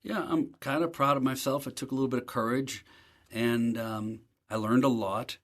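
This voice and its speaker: A man at an ordinary middle pitch, speaking as a guest on an interview show. He spins a long personal story in a relaxed, anecdotal manner and is readily self-deprecating about his failures. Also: moderate pace. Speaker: guest, professor.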